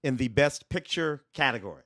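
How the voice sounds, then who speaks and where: A man's voice: medium pitch, lively intonation, fairly quick, a bit bright. Rambling man co-hosting a film podcast. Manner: self-mocking, rambling with restarts. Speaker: podcast co-host. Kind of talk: casual film podcast chat.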